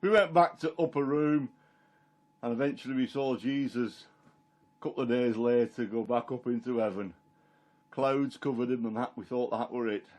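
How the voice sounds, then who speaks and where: A man's voice: medium pitch, normal speed, darkish tone, natural voice. Peter the fisherman, plain-spoken and chatty , played by a man, first-person monologue. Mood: excited. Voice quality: homely dialect storytelling, plain and chatty. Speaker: Christian storyteller in character.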